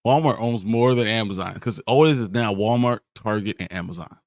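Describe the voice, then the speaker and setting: A man's voice: on the low side, a little fast, no room sound, studio quality. Chatty man co-hosting a live stream. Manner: chatty, storytelling. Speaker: co-host of a live show. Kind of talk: casual live-stream chat.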